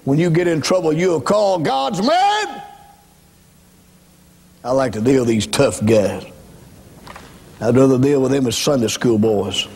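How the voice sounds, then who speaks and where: A husky, gravelly, slightly mellow mid-range male voice fills a large hall with big pitch swings, a measured pace and long pauses. He is an evangelist preaching his testimony, dramatizing the story with acted-out voices and emphatically addressing the congregation.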